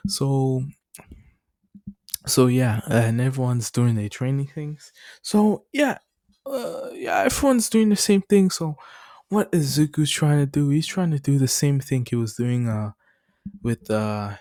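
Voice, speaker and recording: A young man rambles through a fan story retelling, full of fillers and little chuckles. He talks at an unhurried pace, his pitch ordinary and middle. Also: dark tone.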